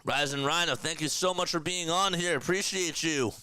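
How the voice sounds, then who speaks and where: Man doing excitable home play-by-play. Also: fairly high pitch, moderate pace, clean tone. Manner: excitable, rising loud on made shots, chatty with viewers between plays. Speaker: play-by-play caller. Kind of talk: live basketball play-by-play with chat asides.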